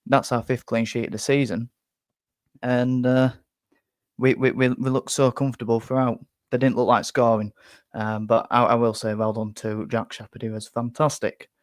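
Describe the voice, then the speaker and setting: A man's voice: medium pitch, little pitch movement, normal speed, dry recording. A man hosting a live fan reaction, talking bluntly with many restarts and a little out of breath. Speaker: fan channel host.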